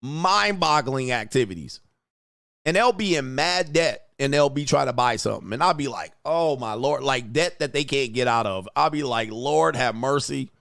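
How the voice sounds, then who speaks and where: A blunt man riffs through casual livestream commentary, reading out viewer comments and throwing in loud, animated exclamations. His voice sits in a middle pitch and sounds close and dry, with almost no room sound. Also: moderate pace, creaky, no echo. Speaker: livestream host.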